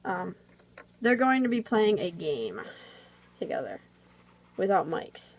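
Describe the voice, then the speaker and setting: A woman's voice: fairly low pitch, very animated, takes it slowly, creaky, a little hiss or hum, rough recording. A woman chatting casually while she draws, rambling with lots of fillers, recorded on a phone camera. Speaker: vlogger drawing on camera. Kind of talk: casual drawing tutorial chat.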